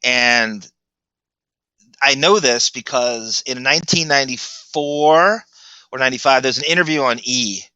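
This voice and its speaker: A male podcast host in loose, rambling talk, his voice very bright and forward. The sound is dry and a little dull, like a modest mic. He tells stories with many restarts. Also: medium pitch, unhurried, smooth, no room sound. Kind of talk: casual podcast chat.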